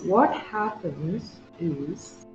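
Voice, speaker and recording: A game master narrating a tabletop game with vivid, halting description, full of fillers and restarts. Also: mid-range voice, lively intonation, darkish tone. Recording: roomy, dull sound, faint music.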